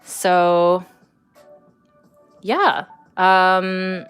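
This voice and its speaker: A woman's voice: on the low side, steady tone, extremely slow, fairly bright tone, clean tone, faint music behind. A young woman chatting casually on a home art livestream, rambling with lots of fillers and small laughs. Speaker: artist streaming live.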